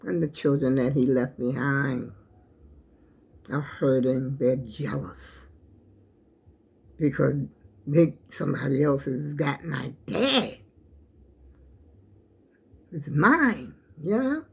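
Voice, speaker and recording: A woman's voice: a bass voice, takes it slowly, vocal fry, long pauses, breathy edge. An older woman, hosting her own channel and giving an emotional, preachy talk that speaks straight to her viewers. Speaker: channel host. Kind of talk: heartfelt talk to camera.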